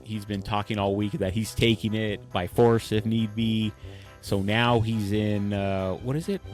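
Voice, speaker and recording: Low-voiced man in casual podcast chat. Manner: animated storytelling, acts out quoted lines, laughs often. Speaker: podcast co-host.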